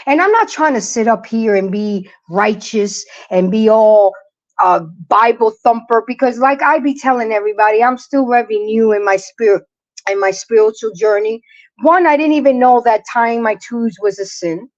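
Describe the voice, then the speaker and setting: A woman's voice: fairly high pitch, moderate pace. Emphatic woman livestreaming, lo-fi audio. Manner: emphatic, preachy, chats with viewers. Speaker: livestream host. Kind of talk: casual livestream chat. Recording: lo-fi dull audio.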